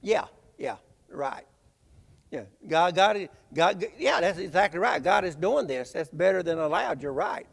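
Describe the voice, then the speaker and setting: A man preaching a Bible-class sermon in a halting, conversational way, often repeating words. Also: sits high, animated, vocal fry, fairly bright tone. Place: church sanctuary. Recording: reverberant church hall.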